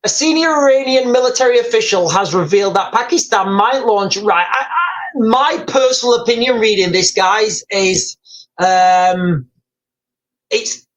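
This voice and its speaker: Through poor audio comes a man's expressive, fairly bright voice, pitched high and delivered at a measured pace. Hosting a live news commentary stream, he rambles, repeats, speculates, and reads out viewer comments and on-screen headlines.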